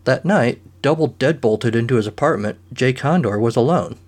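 A man's voice: medium pitch, moderate pace, a little mellow. A man narrating a comic short story in a dry, matter-of-fact way.

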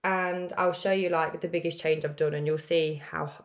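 A woman's voice: low-pitched, fairly even intonation, normal speed. A woman hosting a podcast, chatting casually and confidingly, with frequent fillers as she talks. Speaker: podcast host. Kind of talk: casual chat.

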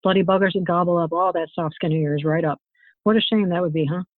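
A woman's voice: fairly low pitch, fairly even intonation, fast, no echo, close to an everyday voice. A cocky, leering henchman with a crude, sneering way of talking, as a woman reading her story plays him. The sound is narrow and phone-like, and it stays dry and close.

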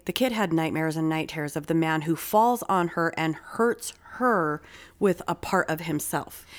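A woman hosting a true-crime podcast, talking casually with frequent swearing and quick bursts of speech. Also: on the low side. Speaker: podcast host.

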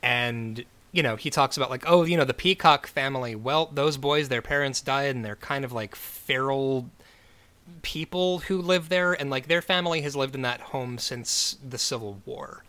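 A man's voice: medium pitch, moderate pace. A man casually recapping a TV episode as a podcast co-host, swearing and acting out the characters he quotes. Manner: animated, swears, many fillers, acts out quoted characters.

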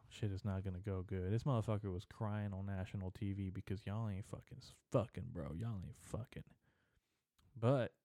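A man's voice: low-pitched, warm tone, no echo, studio quality. A young adult man hosting a podcast, delivering a rambling, profane, stream-of-consciousness comedy monologue. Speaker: podcast host.

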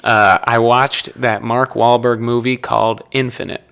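This is a young man from Nebraska in a relaxed podcast conversation, spinning long anecdotes. His voice is bright and forward, and he keeps breaking into laughter and correcting himself as he talks. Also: medium pitch, unhurried, vocal fry, clean tone. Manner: rambling storyteller, laughs often, self-corrects. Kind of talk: casual chat.

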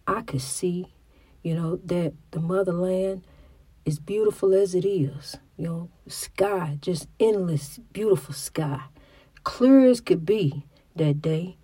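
A woman's voice: fairly low pitch, slow pace, mellow, breathy edge, dry recording. Woman, middle-aged, country-talking, slight stutter, preachy testimony, close dry sound. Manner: preachy, testifying, restarts words. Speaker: mother. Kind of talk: religious testimony monologue.

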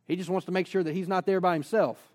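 A man preaching a sermon as a pastor, energetic, posing rhetorical questions and dropping in casual personal asides. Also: high voice, fast.

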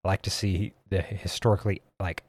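A man co-hosting a podcast in an easygoing, casual manner, pausing and restarting often. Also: sits low, level tone, darkish tone, no room sound. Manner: easygoing, hesitant with fillers. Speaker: podcast co-host. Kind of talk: casual chat. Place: podcast studio.

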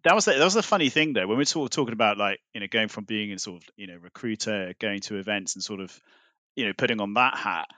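A man's voice: on the low side, animated, fast, sharp tone, dry recording. A man chatting casually as a podcast guest, telling a long story with many fillers and restarts. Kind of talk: casual chat.

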